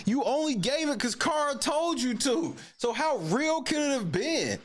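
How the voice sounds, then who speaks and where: High, animated man mocking a clip. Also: unhurried, slight background noise. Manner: mocking, profane, incredulous. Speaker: commentary show host. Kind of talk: live reaction commentary.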